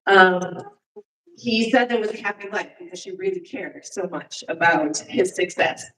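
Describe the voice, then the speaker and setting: Woman, church speaker presenting slides, halting delivery with frequent fillers, distant and echoey room sound. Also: lowish voice, a bit bright. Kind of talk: informal presentation to a congregation. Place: church sanctuary.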